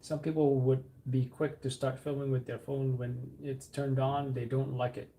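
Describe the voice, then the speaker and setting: A man's voice: mid-range voice, level tone, normal speed, vocal fry, warm tone. A man hosting a live stream from a room at home, chatting casually and thinking aloud while he works at a computer.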